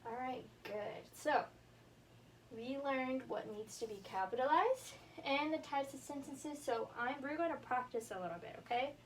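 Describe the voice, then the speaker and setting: A woman's voice: high voice, expressive. Encouraging young woman teacher at a board. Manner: encouraging, slow and deliberate at the board. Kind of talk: classroom grammar lesson. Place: classroom. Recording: distant camera with faint room noise.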